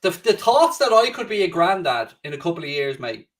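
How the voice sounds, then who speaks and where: A man's voice: on the high side, sing-song, fairly quick, a bit bright, recorded from a distance. Chatty man hosting a live stream. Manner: chatty, swears casually, reads viewer comments. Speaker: livestream host. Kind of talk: casual live-stream chat. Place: home studio.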